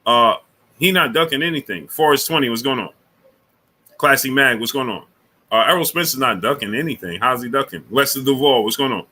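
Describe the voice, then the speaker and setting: A man with a very bright, sharp-edged voice hosts a casual sports livestream. He greets chatters one after another and leans on fillers and repeated phrases. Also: medium pitch, animated, brisk. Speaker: livestream sports show host. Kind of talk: casual live chat reading viewer names.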